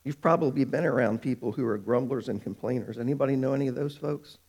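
A man preaching a sermon, animated, stretching out words for emphasis. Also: mid-range voice. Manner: animated, drawn-out emphatic phrases.

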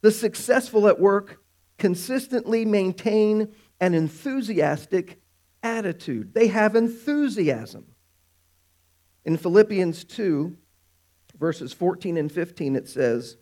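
Guy preaching, pretty high voice, draws words out big for emphasis. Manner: animated, drawn-out emphatic phrases. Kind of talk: sermon.

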